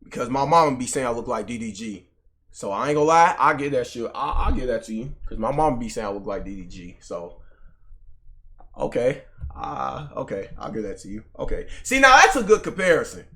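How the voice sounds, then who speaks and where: A man's voice: medium pitch, sing-song, brisk, pushed and bright. A young man streaming live, bantering with his chat in a slangy, profane, casual way.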